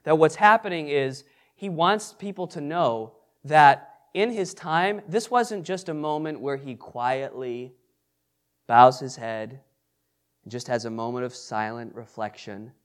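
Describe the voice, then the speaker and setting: A man's voice: medium pitch, unhurried. A man teaching an interactive Bible study, asking the group questions and repeating their answers. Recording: echoey room with background noise.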